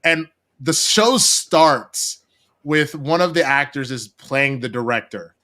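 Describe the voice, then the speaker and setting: A man from Texas, a guest actor, chatting casually on a video call and telling animated, profane stories. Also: mid-range voice, slow pace.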